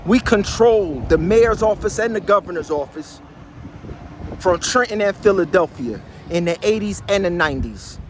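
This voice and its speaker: A man, delivering a loud, boastful street monologue full of shouted rhetorical questions. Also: sits high, animated, moderate pace, slight background noise. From New Jersey. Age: high school in 1975, so 60s.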